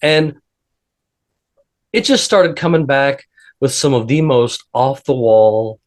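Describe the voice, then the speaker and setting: A man's voice: medium pitch, slow. A man hosting a podcast, telling a rambling story in casual chat with lots of restarts. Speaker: podcast host.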